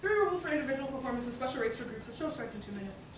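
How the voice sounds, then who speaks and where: A sly, wheedling hustler. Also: female voice, high voice, lively intonation, very fast, noisy background. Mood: salesy. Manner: sly, wheedling sales patter. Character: brash hustling woman street performer. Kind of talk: stage play performance. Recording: echoey hall from far off.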